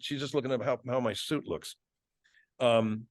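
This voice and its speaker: A man's voice: mid-range voice, moderate pace, dry recording, studio quality. A man, a guest voice actor, chatting thoughtfully in an interview and slipping into character voices. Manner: reflective, many restarts, slips in voices. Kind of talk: casual interview chat.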